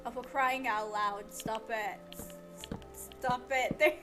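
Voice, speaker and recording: A woman with a high voice comments casually on her gameplay at an unhurried pace. She grows exasperated and scolds the game, repeating herself. Game music plays clearly underneath. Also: fairly even intonation, sharp tone. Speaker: streamer.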